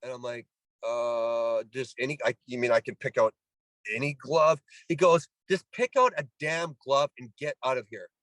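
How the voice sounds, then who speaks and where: This is a former pro ball player from Canada, a middle-aged man, recounting a story during a casual interview where he's the guest. He speaks at medium pitch and a moderate pace on a dry, poor-quality recording. Lively in delivery, he performs the quoted voices and keeps restarting his sentences.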